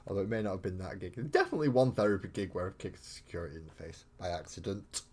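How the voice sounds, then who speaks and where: A man's voice: low-pitched, lively intonation, quick pace, darkish tone, slightly rough. A man chatting casually and rambling with mild swearing as he live-streams painting miniatures.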